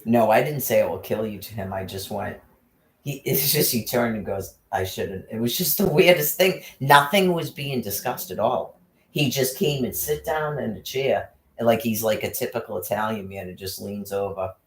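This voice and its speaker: A man's voice: medium pitch, normal speed, fairly bright tone. A man telling a rambling comic story in casual chat, laughing often and acting out quotes. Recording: roomy echo.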